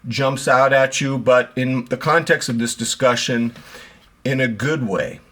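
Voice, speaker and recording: A man's voice: mid-range voice, fairly even intonation, unhurried, fairly bright tone. A middle-aged man with a mid-range voice hosts his own watch channel. He rambles casually, poking fun at himself and leaning on fillers as he talks. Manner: rambling, self-deprecating, with frequent fillers. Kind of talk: casual monologue to camera.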